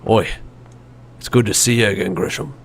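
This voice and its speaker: A man's voice: on the low side, normal speed, vocal fry, slight background noise. A man doing an indignant male barkeeper. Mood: friendly. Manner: protesting, indignant questions.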